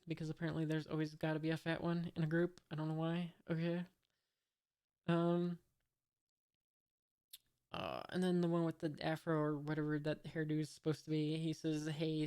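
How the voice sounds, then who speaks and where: Smooth-voiced man musing over a comic. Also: on the high side, a little mellow. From United States. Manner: hesitant, musing, wry asides. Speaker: manga reader, channel host. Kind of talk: reading a comic aloud with commentary.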